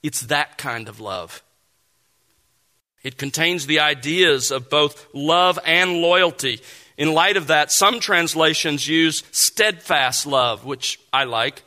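A man preaching an expository sermon, reading Bible verses aloud and explaining them in a measured, emphatic way. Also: on the high side, pushed and bright. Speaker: pastor.

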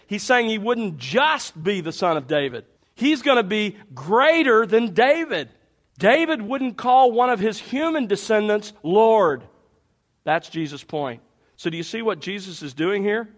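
A man preaching a sermon, walking listeners through passages and speaking to the congregation directly. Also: high voice. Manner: animated expository preaching, addressing the congregation directly.

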